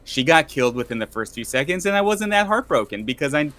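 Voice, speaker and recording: A man's voice: a little high, big pitch swings, quick pace, fairly bright tone. A man co-hosting a casual tabletop gaming podcast, speaking as a game master in an enthusiastic, rambling way.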